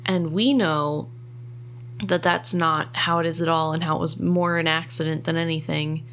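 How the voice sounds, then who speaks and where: A woman's voice: deep voice, steady tone, normal speed, a bit bright, a little hiss or hum. A woman co-hosting a casual book discussion, chatty and emotional, with frequent likes and ums. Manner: chatty, filler-heavy, emotional. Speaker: podcast co-host.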